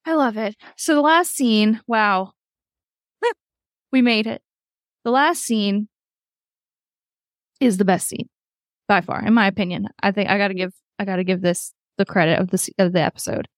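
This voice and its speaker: A woman's voice: medium pitch, normal speed, long pauses, no echo, clean studio sound. A woman hosting a podcast, chatting casually through a reality-show recap, swearing freely and acting out quotes. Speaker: podcast host.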